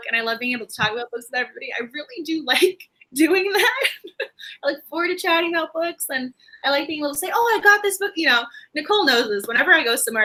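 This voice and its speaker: A woman's voice: high voice, bright, forceful tone, poor audio. A woman co-hosting a book club live stream, chatting casually and laughing often.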